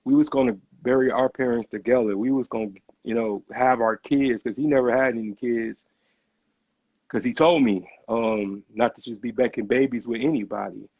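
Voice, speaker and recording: A man's voice: mid-range voice, steady tone, normal speed, a little mellow, no echo. A young man hosting a podcast, talking earnestly in casual conversation and often repeating words as he gets going. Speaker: podcast host. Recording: dull, muffled podcast audio.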